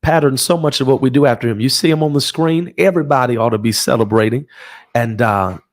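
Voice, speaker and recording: A man's voice: mid-range voice, quick pace. Fervent preacher man, home livestream. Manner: fervent, call-and-response preaching with repeated phrases. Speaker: pastor. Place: home office.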